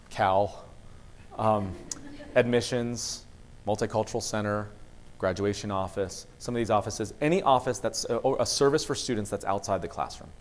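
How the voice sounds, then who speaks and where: A man speaking as a university vice president of student affairs, giving a motivational talk to students and acting out dialogue as he tells stories. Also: on the low side. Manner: lively storyteller, acts out dialogue.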